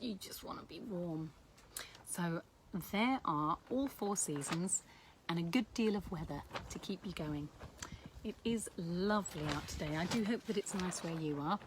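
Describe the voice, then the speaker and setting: Brief: middle-aged woman, lowish voice, chatty sign teacher, self-deprecating. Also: normal speed, noisy background. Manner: chatty and warm, laughing at herself. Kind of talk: casual teaching video to camera.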